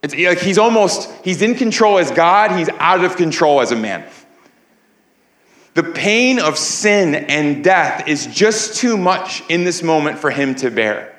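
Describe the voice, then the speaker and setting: A male pastor delivers a sermon with earnest, repeated emphasis. His voice sits a little high for a man, and the room around him rings with echo. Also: animated, measured pace, a bit bright. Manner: earnest, repeats words while building emphasis. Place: church sanctuary.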